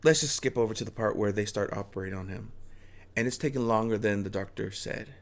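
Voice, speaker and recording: A man's voice: fairly low pitch, quick pace. A man casually telling a personal story, rambling with restarts and chuckles.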